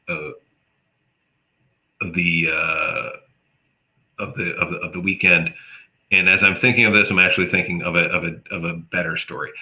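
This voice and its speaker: A man from Canada, a comedian telling a story in casual chat and acting out the people in it. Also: low voice. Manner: animated, acts out quoted voices. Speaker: comedian guest. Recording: dull lo-fi audio.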